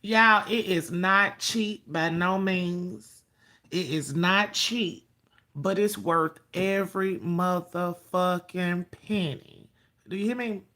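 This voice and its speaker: A woman's voice: fairly low pitch, takes it slowly, pushed and bright. A woman hosting a casual livestream, sassy and profane, greeting viewers by name. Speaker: livestream host.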